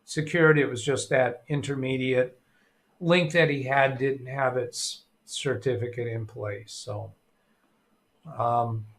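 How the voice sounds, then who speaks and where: A middle-aged man hosts a casual live tech stream, rambling as he reads the chat aloud and thinks out loud, filling gaps with ums and uhs. His voice is mid-range with fairly even intonation.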